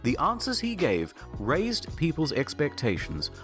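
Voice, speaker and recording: A man's voice: a little high, huge pitch swings, a little slow, fairly bright tone. A man giving dry, wry scripted comedic narration for an internet documentary, with sudden jokes. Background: background music.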